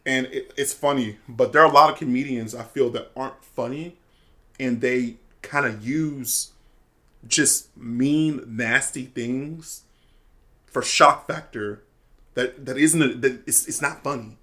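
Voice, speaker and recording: A man's voice: mid-range voice, unhurried, sharp tone. A young man in casual chat, telling stories loosely with lots of fillers and restarts. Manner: loose storytelling, lots of fillers and self-interruptions.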